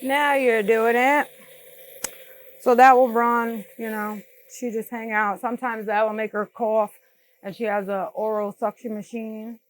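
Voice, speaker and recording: A woman's voice: fairly high pitch, little pitch movement, normal speed, a little hiss or hum. A middle-aged woman from New York State, a mother giving a documentary interview, speaking candidly and in plain everyday words, with frequent "like" and "you know" fillers. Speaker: mother of a crash victim.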